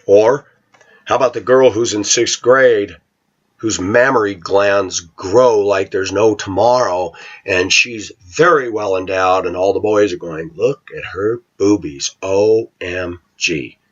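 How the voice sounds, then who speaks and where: A man's voice: fairly low pitch, measured pace. A middle-aged man talking to his viewers in a rambling, opinionated monologue. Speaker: vlogger. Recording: dull lo-fi recording.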